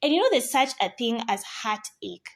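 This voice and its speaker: A woman talks to camera about life lessons. Her voice sits on the high side, lively and playful, then drops soft and quiet when she turns serious. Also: moderate pace, gravelly. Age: 30s. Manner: animated, playful asides, drops to soft tones on serious points. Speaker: vlogger. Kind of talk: casual life-advice talk to camera.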